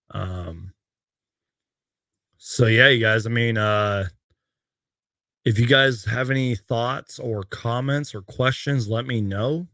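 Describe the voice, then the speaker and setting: His voice is fairly low, gravelly and a bit bright as he rambles through game stats and comments from viewers on his casual sports livestream. The sound is clean studio quality, with no room sound.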